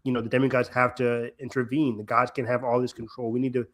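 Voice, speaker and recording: A young man with a deep voice co-hosting a podcast, chatting casually in an excitable, joking, rambling way. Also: fast. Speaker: podcast co-host. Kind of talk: casual chat.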